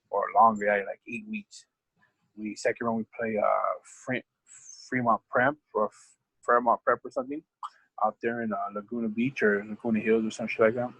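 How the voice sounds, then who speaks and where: A man's voice: on the low side, gravelly, a bit bright, slightly rough, no echo, low-quality recording. A man telling a rambling, profane sports story in casual podcast chat, as a football coach. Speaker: podcast guest.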